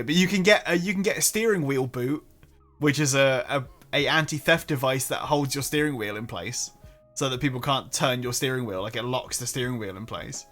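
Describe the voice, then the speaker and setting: A young Englishman with an English accent chats casually on his stream, self-deprecating and quick to trip over his own words. His voice sits at a middling pitch. Faint music plays behind him. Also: a bit bright. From England. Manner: chatty, self-deprecating, stumbles and restarts often. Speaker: streamer host. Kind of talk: casual chat on a live stream.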